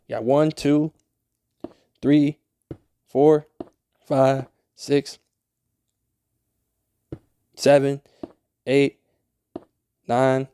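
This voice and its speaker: A man's voice: mid-range voice, dark tone, clean tone, dry recording. A young man talking through a game tutorial in a casual, rambling way, swearing often and easily annoyed. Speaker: Minecraft tutorial creator. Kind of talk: casual gameplay tutorial voice-over.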